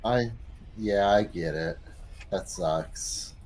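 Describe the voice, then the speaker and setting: A man's voice: fairly low pitch, extremely slow, a little mellow. A man playing a tabletop game, talking in an easygoing, slightly hesitant, dry way. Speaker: player. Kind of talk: casual tabletop chat.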